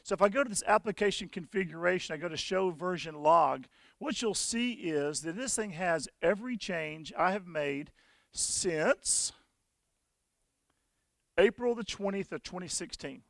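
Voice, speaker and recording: Folksy guy giving a conference demo, raspy edge, kinda highish voice. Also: expressive, unhurried, fairly bright tone, dry recording. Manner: folksy storytelling, frequent restarts. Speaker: conference presenter. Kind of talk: conference talk with software demo.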